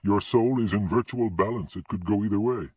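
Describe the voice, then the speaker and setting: A man's voice: on the low side, fairly quick, slightly rough, no room sound, voice pushed up. A man voicing an earnest young man who serves as Death in an audiobook, speaking in a pleading, urgent way. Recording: dull lo-fi recording.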